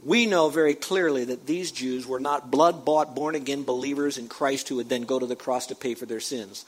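A man preaching a sermon as pastor, emphatic, repeating phrases for stress and dropping into quiet asides. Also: mid-range voice, normal speed.

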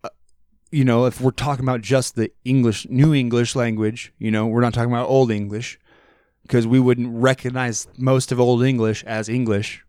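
A man hosting a podcast in a studio, talking in a rambling, animated, profane way. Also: medium pitch, moderate pace, clear, resonant tone, dry recording. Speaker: podcast host. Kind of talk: casual chat.

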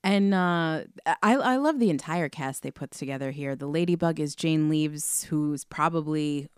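A woman co-hosting a casual podcast, relaxed and agreeable. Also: deep voice, a little slow, clean tone, no echo, studio quality. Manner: relaxed and agreeable, with frequent fillers. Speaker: podcast co-host. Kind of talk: casual film discussion.

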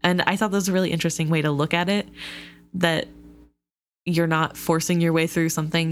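A woman co-hosting a casual book discussion, talking things through in a thoughtful, analytical way with an occasional laugh. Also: fairly low pitch. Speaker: book podcast co-host.

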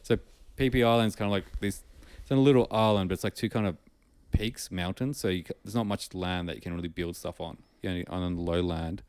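A man's voice: sits low, fairly even intonation, fairly quick, hardly any pauses, darkish tone, clear, resonant tone, no echo. A man co-hosting a podcast in casual chat, laid-back and blunt. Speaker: podcast co-host.

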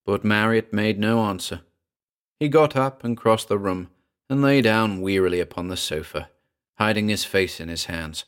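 A man narrating a classic ghost story in a measured, quiet way. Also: on the low side, smooth. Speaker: audiobook narrator.

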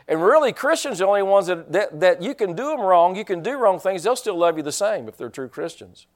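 A man's voice: high voice, very animated, brisk, few pauses. A man preaching a sermon in a folksy, joking way, restarting his sentences often. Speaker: pastor.

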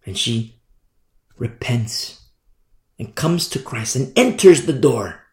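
Man, preacher, sermon, emphatic, repetitive, lively pitch, echoey room. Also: slow pace. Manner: emphatic, repeats phrases for effect.

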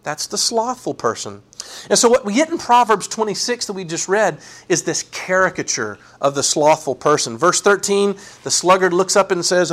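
A man preaching a sermon, animated and folksy, acting out sarcastic quotes. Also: high-pitched, normal speed. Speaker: pastor.

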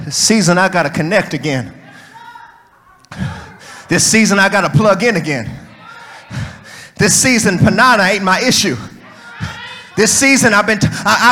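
A preacher man with a very high, bright, ringing voice drives his sermon in rhythmic refrains, calling on the congregation to answer back. He builds his lines into shouted peaks and then drops low again. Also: expressive, moderate pace, pauses often. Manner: rhythmic call-and-response preaching with repeated refrains, rising to shouts.

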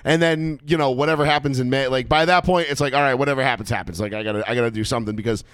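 Man, casual talk-show co-host, wry sarcastic griping, mid-pitched voice, dry close sound. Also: very fast, a bit bright, clean tone, no room sound. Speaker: podcast co-host.

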